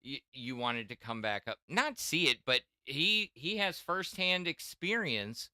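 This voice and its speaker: A man's voice: medium pitch, lively intonation, unhurried, pushed and bright, clean tone, no room sound, studio quality. A middle-aged man hosting a casual tech chat, rambling with many restarts and fillers. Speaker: podcast host.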